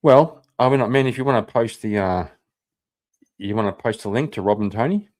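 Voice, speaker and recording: A man's voice: on the low side, expressive, a little fast, a little mellow. A man hosting a live stream, chatting casually with his viewers, rambling, swearing and laughing often. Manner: profane, rambling, laughs a lot. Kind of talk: casual chat reacting to viewers.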